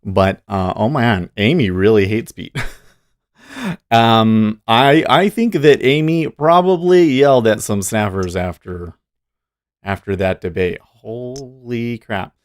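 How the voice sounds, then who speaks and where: A man's voice: on the low side, takes it slowly, no room sound. A man hosting a day-trading livestream, giving rambling, opinionated commentary and answering chat. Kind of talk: casual live-stream commentary.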